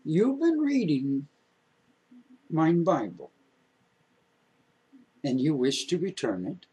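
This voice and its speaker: A man's voice: a little high, wildly swooping pitch, slow, dark tone, slightly rough, heavily acted, poor audio. A man voicing an old-fashioned farmer who talks in thee and thou, in a storytelling telling. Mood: stern. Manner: archaic, formal speech.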